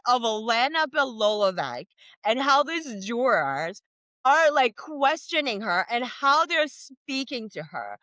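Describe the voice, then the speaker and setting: A woman hosts her channel, reading a court transcript aloud and breaking in with heated, indignant remarks. Her voice is bright and forceful, and the sound is close and dry. She talks casually, with plenty of "like". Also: fairly high pitch, very animated, slow, dry recording, rough recording. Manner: passionate, indignant commentary; casual, with frequent "like". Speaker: host.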